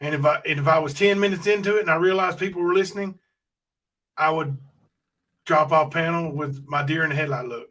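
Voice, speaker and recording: Livestream host, man, slightly high voice, skeptical interjector. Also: steady tone, fairly quick, pushed and bright. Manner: interjects, skeptical, corrects details. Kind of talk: casual livestream chat.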